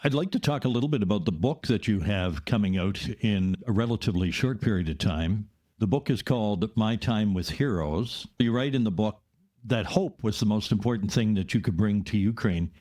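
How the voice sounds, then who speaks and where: A man hosting a podcast who asks measured, prepared questions. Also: on the low side, expressive, a little mellow. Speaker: podcast host. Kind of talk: interview questions.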